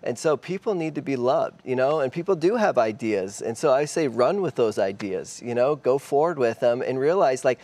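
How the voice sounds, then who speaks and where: Animated man telling stories, laughing often. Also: mid-range voice, normal speed, few pauses. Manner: animated storyteller, laughs often, says "you know". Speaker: ministry leader guest. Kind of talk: casual faith interview. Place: TV studio.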